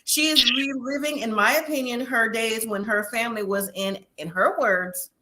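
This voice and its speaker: A woman's voice: fairly high pitch, fairly even intonation, normal speed, sharp tone, slight background noise. A woman hosting a casual live review chat, opinionated and chatty, laughing often. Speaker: host.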